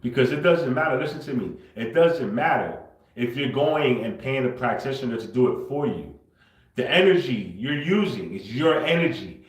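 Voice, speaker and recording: A man on a livestream delivers a confrontational, repetitive rant at medium pitch. He drops to a mutter, then bursts out loud. The room adds a clear echo. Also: expressive, moderate pace. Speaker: livestream host.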